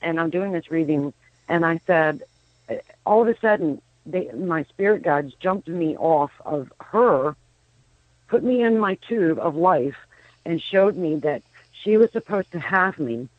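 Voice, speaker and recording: A woman's voice: low-pitched, lively intonation, measured pace, no room sound. Woman talking over a tinny phone line. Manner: rambling storyteller, frequent restarts. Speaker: psychic medium guest. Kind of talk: phone-in radio interview. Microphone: telephone.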